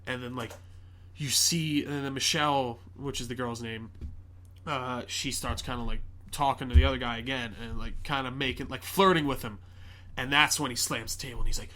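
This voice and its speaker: A man's voice: mid-range voice, a little fast, pushed and bright, slight background noise. A man hosting a podcast, casually retelling a movie plot in a rambling way, full of fillers and swearing. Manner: rambling, many fillers and swearing, quotes characters. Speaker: podcast host.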